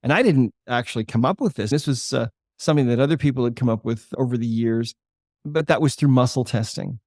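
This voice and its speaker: Older man, podcast guest, earnest measured storytelling, dry close sound. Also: mid-range voice, darkish tone, no echo. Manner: earnest, measured explainer who slows for emphasis. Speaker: guest, holistic chiropractor.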